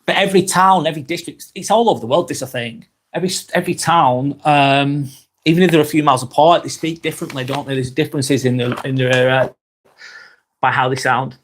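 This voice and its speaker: A brisk, steady, medium-pitched male voice carries a Lancashire accent from Northwest England. In a laid-back live vlog he chats with his audience and answers their comments, swearing often and repeatedly backing up to rephrase.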